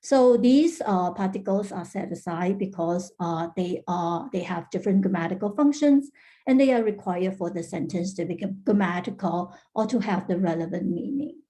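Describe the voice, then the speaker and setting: Woman doing a linguistics talk on a video call, mellow voice, lots of uhs, careful and explanatory. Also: lowish voice, lively intonation, normal speed. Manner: frequent "uh" fillers and restarts, careful explanatory delivery. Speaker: linguistics researcher presenting a talk. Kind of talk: academic conference presentation.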